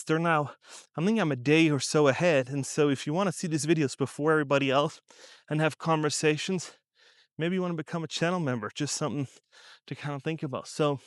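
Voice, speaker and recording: A man with a slightly raised pitch and a smooth, clean voice, vlogging while he walks outdoors. He talks in a casual, rambling way and gives blunt money advice. The sound is dry and close, with no room echo. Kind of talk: casual talking-head vlog. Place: outdoors on a warm sunny day.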